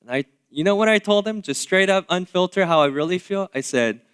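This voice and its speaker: Animated, chatty man preaching. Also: high voice, fairly quick, clean tone. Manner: casual, conversational preaching with many fillers; animated, swinging between loud asides and quiet remarks. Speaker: pastor. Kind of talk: sermon. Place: church sanctuary.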